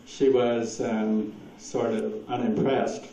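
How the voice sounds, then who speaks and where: A man's voice: mid-range voice, flat delivery, takes it slowly, warm tone, recorded from a distance, a little hiss or hum. A man telling anecdotes at a presentation and taking audience questions, rambling and chuckling often as he acts out quoted voices. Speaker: speaker at a presentation. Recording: dull echoey hall recording from afar.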